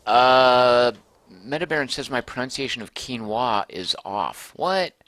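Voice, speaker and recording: A man's voice: medium pitch, animated, unhurried, a bit bright, no echo. A man casually commenting as he streams a game, thinking aloud and reading out viewer comments.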